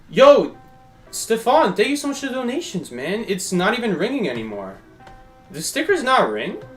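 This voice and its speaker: Animated young man streaming a game. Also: sits high, a little slow, soft background music. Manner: chatty and animated, thanking viewers. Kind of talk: casual live gameplay commentary.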